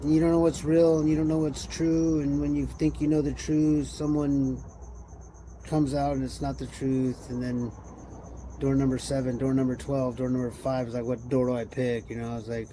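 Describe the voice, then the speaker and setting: A tired man chats on his livestream in a loose, wandering way, firing off questions and answering them himself. His voice is mellow and relaxed, sitting at a middle pitch. Faint crickets chirp in the background. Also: normal speed, a little hiss or hum. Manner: loose, musing, wandering talk with rhetorical questions. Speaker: livestream host. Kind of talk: rambling casual livestream chat.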